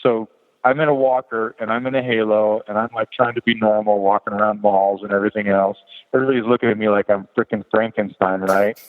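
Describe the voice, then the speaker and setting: A man, a podcast guest, telling a personal story in a lively way and jumping higher in pitch to act out the people in it. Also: fast talker. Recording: tinny phone-like line with long reverb.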